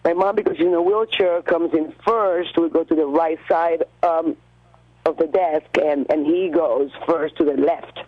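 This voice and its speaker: A woman from Cuba, a radio guest, recounting an encounter in an animated, halting way with many restarts and fillers. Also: low voice, dry recording, phone-quality sound. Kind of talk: phone-in storytelling.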